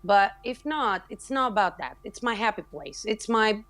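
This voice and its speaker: A woman's voice: mid-range voice, expressive, normal speed, a bit bright. A woman speaking passionately and emphatically in a casual online voice chat, often restarting her sentences. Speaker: community member introducing herself.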